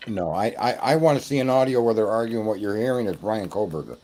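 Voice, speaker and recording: Emphatic man with a mellow voice. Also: on the low side, lively intonation, fast. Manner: emphatic, argumentative, lecturing. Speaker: guest on a true crime talk stream. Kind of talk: casual live-stream discussion.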